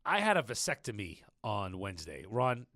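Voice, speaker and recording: A man hosting a business podcast, chatty and animated, telling stories straight to his listeners. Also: lowish voice, normal speed, gravelly, no echo, studio quality. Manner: chatty, storytelling, addresses listeners as folks. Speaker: podcast host. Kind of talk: casual business podcast chat.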